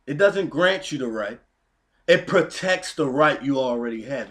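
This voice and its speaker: A man's voice: medium pitch, lively intonation, a little slow, fairly bright tone. A man vlogging to his viewers in a heated, preachy rant, hammering his points by repeating them. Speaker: YouTube vlogger. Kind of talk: emphatic home video rant.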